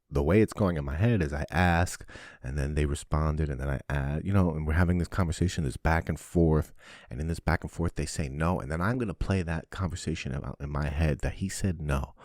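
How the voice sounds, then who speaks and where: A man hosting a podcast, giving a casual, animated monologue full of swearing. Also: extremely low pitch, fairly quick, no room sound, clean studio sound. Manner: swears often, animated and preachy. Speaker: podcast host.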